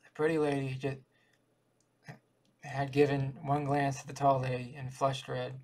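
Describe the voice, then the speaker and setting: A man reading a short story aloud in a steady, even way. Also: medium pitch, a little slow, low-quality recording. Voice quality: gravelly. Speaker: audiobook reader.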